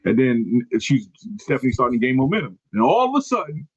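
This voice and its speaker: Working from notes, a male podcast host gives a loose wrestling recap, wandering off track and fixing his own mistakes. His husky, medium-pitched voice swings widely in pitch and moves a little fast. The audio sounds dull, with no echo.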